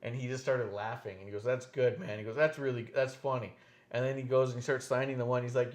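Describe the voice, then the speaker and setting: Man, podcast host, casual wrestling chat, swears a lot, animated storyteller, middle pitch. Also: very fast.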